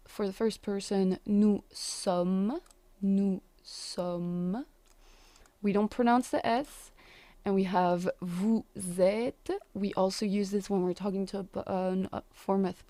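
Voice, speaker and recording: A young woman teaching French words in English, repeating each phrase slowly and carefully. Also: medium pitch, warm tone, no room sound. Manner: slow, careful pronunciation drills. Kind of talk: language lesson.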